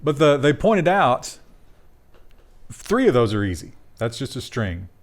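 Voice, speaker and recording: A man's voice: medium pitch, very animated, unhurried. Wry joking male news co-host. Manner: joking, wry, trails off and restarts. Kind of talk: casual news banter.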